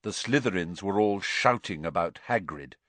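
Expressive, low-voiced male narrator. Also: normal speed, no echo. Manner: expressive storytelling. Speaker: audiobook narrator. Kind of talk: scripted narration.

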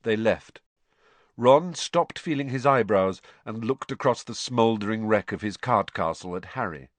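A man narrating a storybook aloud with expressive delivery. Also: on the low side, unhurried, no room sound. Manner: expressive, animated. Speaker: audiobook narrator.

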